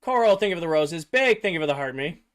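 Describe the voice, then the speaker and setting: A man's voice: fairly high pitch, lively intonation, quick pace. A young man streaming a game, chatting casually with viewers, rambling with lots of filler words and losing his voice a little. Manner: rambling, filler-heavy, answering chat. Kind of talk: casual livestream chat with viewers.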